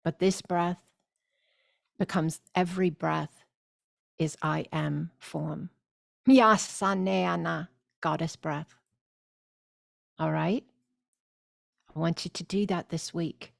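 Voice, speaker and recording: A woman leading a spiritual course, speaking deliberately and soothingly with loud gasping inhales and repeated phrases. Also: deep voice, fairly even intonation, gravelly, no room sound, clean studio sound. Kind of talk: slow guided spiritual teaching.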